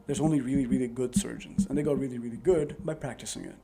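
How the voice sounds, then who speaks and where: Man, mellow dark voice, earnest casual advice vlog, rambling with fillers, speaking into a microphone. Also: mid-range voice, fairly even intonation, quick pace, slight background noise. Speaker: advice vlogger. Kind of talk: casual advice monologue to camera. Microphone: new dedicated microphone.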